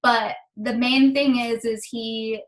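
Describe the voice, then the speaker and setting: Her voice is a little high and steady, and she speaks slowly over a low-quality recording. As team leader, the young woman gives a pep talk on a call, near tears and rambling with lots of fillers while she cheers her team on.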